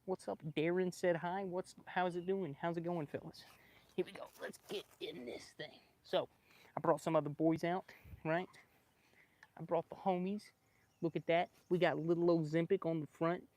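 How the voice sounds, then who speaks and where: A man livestreaming casually from his backyard with a small clip-on microphone, excitable and joking with his viewers. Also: on the high side, moderate pace. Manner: excitable, laughing, swearing, chatting with viewers. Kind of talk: casual live stream chat. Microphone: small clip-on microphone with a phone.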